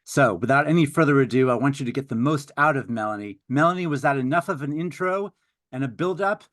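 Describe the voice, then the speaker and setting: A man's voice: medium pitch, animated, quick pace, a bit bright, no room sound. Upbeat theatrical man hosting a webinar. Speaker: webinar host. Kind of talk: live webinar introduction.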